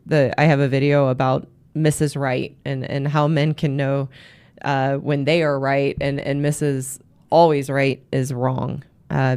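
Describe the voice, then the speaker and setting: Woman host giving advice, earnest, restarts a lot, a bit of fry in her voice. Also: low voice, warm tone. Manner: earnest, advising, with frequent restarts. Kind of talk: solo talk to listeners.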